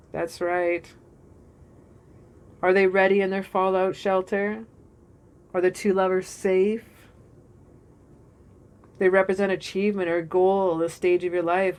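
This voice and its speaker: A woman giving a storytelling tarot reading in an excitable, dramatic and profane way. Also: medium pitch, clear, resonant tone. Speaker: tarot reader.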